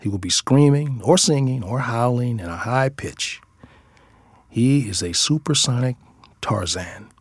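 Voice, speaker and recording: Reflective low-voiced male storyteller. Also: breathy edge, no room sound. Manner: reflective and tender, drops to a whisper at times. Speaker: father and storyteller. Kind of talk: scripted first-person storytelling. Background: background music.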